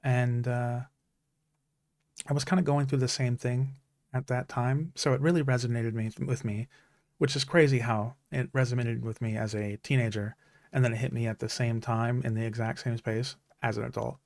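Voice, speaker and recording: A man's voice: mid-range voice, steady tone, normal speed, vocal fry, no room sound. Earnest man in his thirties, dry mic. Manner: earnest and emotional, many restarts. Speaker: streamer. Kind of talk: casual chat.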